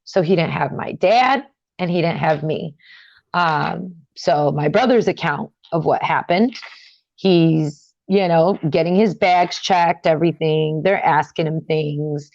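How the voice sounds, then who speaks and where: A young woman telling a personal story in an interview, talking casually with many fillers and getting animated and higher when upset. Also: measured pace, gravelly, no echo, highs cut off. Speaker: interview guest.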